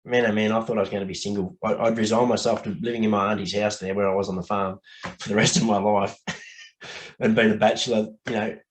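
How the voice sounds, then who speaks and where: A man's voice: lowish voice, level tone, fast, low-quality recording. Candid Australian man, podcast guest. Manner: candid, blokey, swears, laughs easily. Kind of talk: casual podcast interview.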